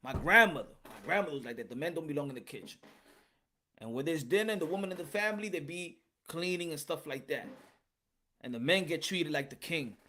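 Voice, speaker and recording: A man's voice: fairly high pitch, expressive, brisk, bright, forceful tone, a little hiss or hum. A male podcast host ranting in a casual, emphatic way, repeating his points and slipping into Spanish phrases. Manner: emphatic and repetitive, slips into Spanish. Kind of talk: casual rant.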